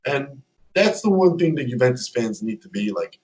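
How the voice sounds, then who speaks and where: A man's voice: mid-range voice, moderate pace. A man talks as a guest on a casual podcast. He tells his stories with animation and slips into the voices of the people he quotes. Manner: animated storyteller who acts out quotes. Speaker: podcast guest, fan club member.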